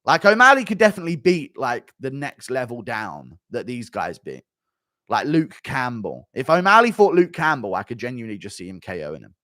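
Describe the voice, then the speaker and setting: A man hosting a live stream, talking bluntly and swearing freely as he rambles through fight takes. His pitch jumps around a lot, and he is recorded close on a dry mic. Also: big pitch swings, a little fast, bright, forceful tone, dry recording. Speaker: livestream host reading viewer donations. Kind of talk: casual profane live-stream commentary.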